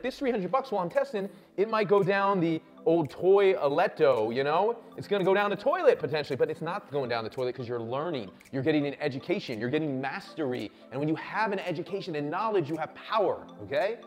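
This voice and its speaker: A high-voiced man riffs through an energetic motivational business talk, pushing hard and swearing freely. He keeps checking in with "right?" and "okay?" as if pumping up a crowd. Faint music runs underneath. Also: fast, few pauses. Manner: loud, swearing, hyped, lots of "right?" and "okay?". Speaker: show host.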